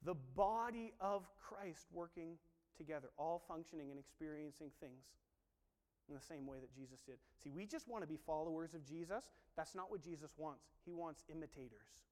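A man preaching a sermon, acting out dialogue in voices and swinging from quiet talk to shouting. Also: a little high, moderate pace, long reverb tail.

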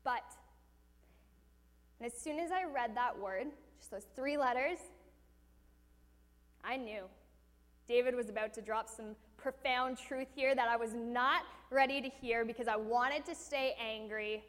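A woman's voice: on the high side, measured pace, pauses often, fairly bright tone, in a large hall. A woman preaching a sermon, telling a personal story with animation and asking the audience questions.

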